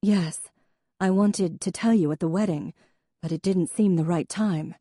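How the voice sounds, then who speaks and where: Genteel formal woman, poised professor, mellow, read by a woman. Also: fairly low pitch, a little slow, no room sound, studio quality, voice pushed up. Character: refined, poised elder sister, a professor.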